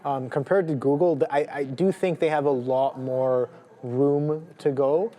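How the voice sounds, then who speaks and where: A man's voice: medium pitch, steady tone, measured pace, dark tone. A man co-hosting a live trading show, listing upcoming earnings names with lots of fillers. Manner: rambling, lists tickers with many fillers. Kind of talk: live market commentary.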